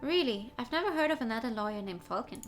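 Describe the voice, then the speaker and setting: A woman's voice: on the high side, lively intonation, fast, close to an everyday voice. Woman doing an eager sparrow sidekick. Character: cheerful young male sparrow assistant.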